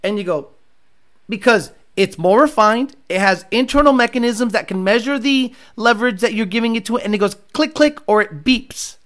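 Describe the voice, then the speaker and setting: Mocking, profane car-channel ranter. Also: male voice, normal speed. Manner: mocking, profane, swings between low mutters and loud jabs. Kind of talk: ranting reaction to viewer comments.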